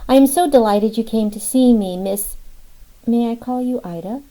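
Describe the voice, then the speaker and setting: A woman reading as a smooth-talking lecherous preacher. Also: fairly high pitch, moderate pace, warm tone, voice pushed up, natural voice, rough recording. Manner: syrupy, pet names, chuckling.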